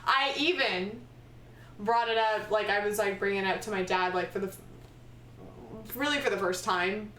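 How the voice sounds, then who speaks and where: A woman's voice: mid-range voice, moderate pace, a bit bright. A woman co-hosting a podcast in casual chat, filling her talk with "like". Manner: chatty, says "like" a lot. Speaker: podcast co-host. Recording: echoey room, distant mic, faint noise.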